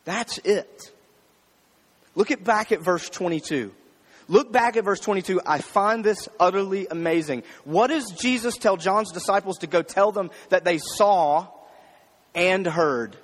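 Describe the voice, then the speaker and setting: Set in a large hall, a man with a high-sitting voice preaches at a measured pace. As a pastor, he keeps the sermon conversational and speaks to his congregation as "y'all."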